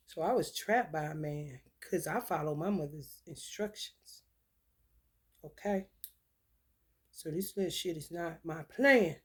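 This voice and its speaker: A woman's voice: sits low, unhurried, breathy edge. A woman, telling blunt, profane stories and reading tarot cards in a casual talk. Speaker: tarot reader.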